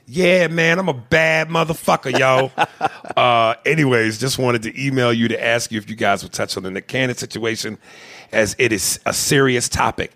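A man co-hosting a podcast, reading a listener email and joking in casual comedic chat, laughing often and breaking into loud bursts. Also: lowish voice. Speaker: podcast co-host.

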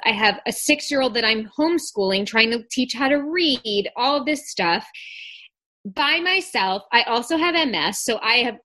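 Brief: bright, slightly high woman in her thirties, podcast co-host, candid rambling chat with swearing. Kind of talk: casual chat.

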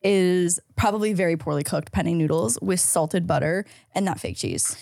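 A woman's voice: on the low side, animated, normal speed, creaky, a little mellow. Chatty enthusiastic woman podcast co-host. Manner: chatty, enthusiastic, laughs along. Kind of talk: casual podcast chat.

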